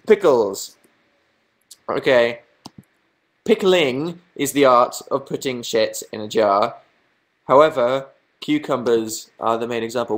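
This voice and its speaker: A young man chatting casually on a livestream, rambling, mocking himself and reading viewers' comments aloud. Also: mid-range voice. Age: young adult. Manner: rambling, self-mocking, reads chat aloud. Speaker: livestream host.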